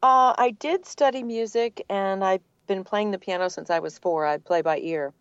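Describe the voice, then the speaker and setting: An older woman, a voice actor, telling her story in a relaxed, articulate interview manner with a neutral accent. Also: mid-range voice, moderate pace, clean tone, no echo, muffled recording. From Boston area, United States. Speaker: guest, voice actor. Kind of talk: conversational interview.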